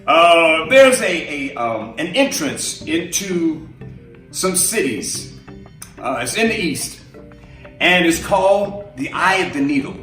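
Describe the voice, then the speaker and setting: Man, minister, casual storytelling sermon, chatty, laughs often, slightly high, roomy echo. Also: sing-song, takes it slowly, a bit bright, distant mic, soft background music. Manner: chatty, laughing, acts out voices in his stories. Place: live stream from a roomy space.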